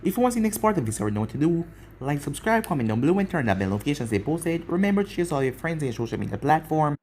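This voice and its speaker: Animated male fan-story narrator. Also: fairly high pitch, very fast, slight background noise. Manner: animated, sign-off plugging. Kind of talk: casual story reading.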